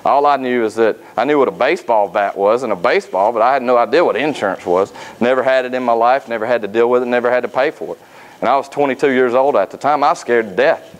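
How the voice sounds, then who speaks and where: A man, giving a motivational speech at a sales academy. He tells folksy personal stories and pauses often on "uh.". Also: mid-range voice, low-quality recording. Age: 30s. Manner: folksy, anecdotal, frequent "uh" fillers.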